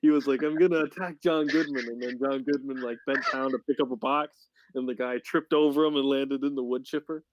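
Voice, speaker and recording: A man's voice: mid-range voice, flat delivery, a little fast, few pauses, dry recording, dull audio. A man co-hosting a casual podcast chat, explaining film plots at length in a matter-of-fact way. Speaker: podcast co-host.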